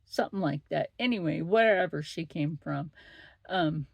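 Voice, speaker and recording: A woman's voice: low-pitched, normal speed, creaky, no room sound. A middle-aged woman hosting a vlog, chatting bluntly and swearing freely. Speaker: vlog host. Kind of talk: casual chat.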